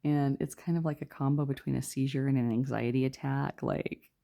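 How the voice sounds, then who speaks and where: Woman, tarot reader, gravelly, mellow tone, quiet chatty delivery, rambling. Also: extremely low pitch, steady tone, brisk. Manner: chatty, rambling, lots of fillers; talking quietly. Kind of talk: casual spoken tarot reading.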